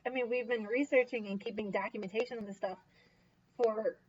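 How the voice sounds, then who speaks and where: A woman co-hosting a casual book discussion, lively and quick to act out characters' lines. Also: fairly high pitch, husky. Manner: animated, acts out quoted characters, frequent laughs. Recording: dull lo-fi recording.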